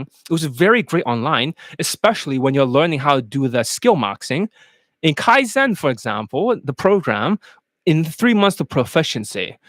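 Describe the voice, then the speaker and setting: Animated man, bouncy high voice. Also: dry recording, studio quality. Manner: animated, blunt and profane, rambling; slips in and out of put-on accents. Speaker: dating coach. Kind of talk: casual live-stream sales monologue.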